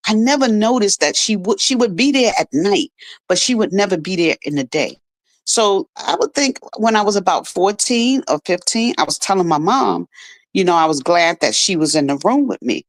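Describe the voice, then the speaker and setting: A woman's voice: medium pitch, lively intonation, normal speed, no echo. A middle-aged woman, a radio guest, telling a personal story in an earnest, emotional way. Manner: earnest, emotional, restarts often. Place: radio studio.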